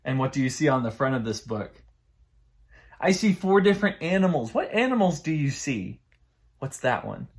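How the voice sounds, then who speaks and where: A man runs a children's story time as a librarian, speaking in a playful, sing-song way. His pitch swoops up and down in a lively way as he talks to small children. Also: moderate pace.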